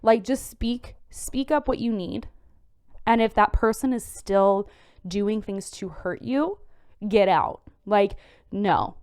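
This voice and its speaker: A woman's voice: mid-range voice, slow pace, a little mellow, clear, resonant tone. A tired woman hosting a podcast, giving frank, conversational advice and repeating points for emphasis. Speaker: podcast host.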